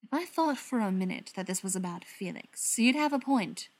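A woman reading an audiobook, voicing a male gang leader who talks in a sharp, firm, impatient way. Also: mid-range voice, animated, normal speed, lightly acted.

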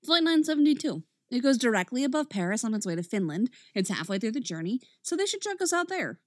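A woman reading a story aloud, voicing an odd blue furry male creature who talks quickly and matter-of-factly. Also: on the high side, very animated, no echo, clean studio sound. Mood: eager.

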